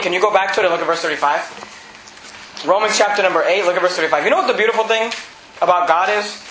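A male pastor preaching a sermon in a church, animated and building up to shouts. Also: sits high, echoey room, slight background noise, rough recording.

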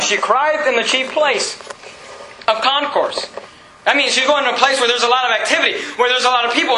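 A man preaching a sermon as pastor, animated, climbing to near-shouts and laughing through asides. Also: very high voice, echoey room, background noise. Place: church.

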